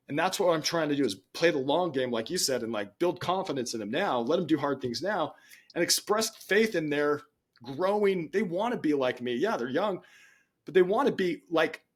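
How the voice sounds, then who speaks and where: A middle-aged man, a podcast guest, telling stories in an animated way and acting out the voices he quotes. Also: fairly high pitch, husky. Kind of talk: storytelling in interview.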